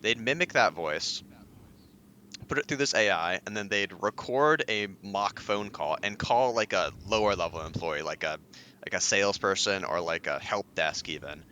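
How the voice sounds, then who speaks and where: A man's voice: low-pitched, lively intonation, moderate pace, pushed and bright, slight background noise. A young man, a podcast guest, explaining things eagerly in casual chat with lots of filler words. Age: young adult.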